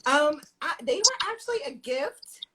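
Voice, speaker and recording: A woman's voice: high-pitched, sing-song, a little slow, pushed and bright. A woman from the United States, a guest on a casual live-stream chat, speaking modestly over a video call.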